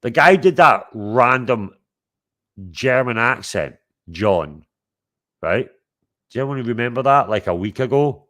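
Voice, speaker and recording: A man's voice: mid-range voice, animated, slow pace, pauses often, fairly bright tone. A Scottish man hosting a livestream, boisterous and sweary, calling out to his viewers in casual chat. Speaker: livestream host.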